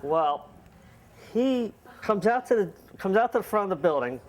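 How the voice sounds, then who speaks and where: A man's voice: sits high, lively intonation, a little hiss or hum. Self-mocking man telling a live story. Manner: casual, self-mocking, laughing through the story; acts out dialogue with quick voice shifts. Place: live event stage.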